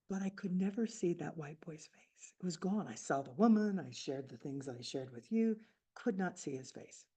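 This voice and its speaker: An older woman in her seventies shares a personal story from a stage in a low, mellow voice. She speaks reflectively and pauses often, circling back to restart her sentences. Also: slightly rough. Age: 70s. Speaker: author speaking at a book fair.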